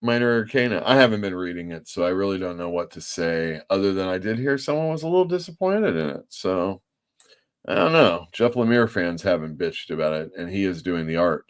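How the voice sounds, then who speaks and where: A man's voice: sits low, animated, a little fast, clear, resonant tone. A man hosting a livestream show as a comic shop owner, chatty and self-mocking. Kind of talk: casual livestream talk.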